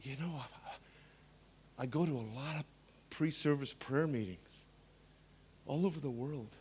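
A man in his sixties preaching a sermon, telling stories with humorous asides and animated emphasis. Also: mid-range voice, measured pace, slightly rough.

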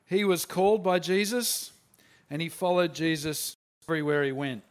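A man preaching a sermon in an earnest, plain-spoken way, often restarting his sentences. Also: fairly high pitch.

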